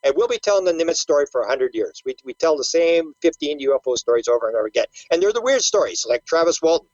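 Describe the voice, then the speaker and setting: A man's voice: on the high side, sing-song, quick pace, a little mellow, no echo, lo-fi sound. An older man, a guest researcher, talking casually in an interview, telling stories with animation, acting out quotes and stumbling over repeated words.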